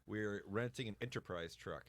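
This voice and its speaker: A podcast host with a lowish voice tells stories at a fairly quick pace in a casual chat. He's profane and animated and laughs often, and there's no echo on the recording.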